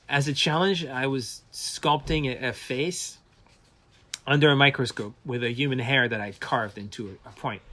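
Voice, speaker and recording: A man from France, a visual effects artist, telling stories in a casual interview with many restarts and acted-out quotes. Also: mid-range voice. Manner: animated storyteller, acts out quoted voices, many restarts.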